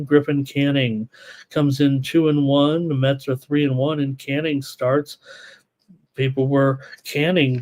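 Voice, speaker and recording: A man's voice: medium pitch, a little mellow. A man hosting a live sports betting show, running through odds and stats and reading viewers' picks from the chat in a casual way. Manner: rapid stats rundown, reads chat picks aloud, casual asides.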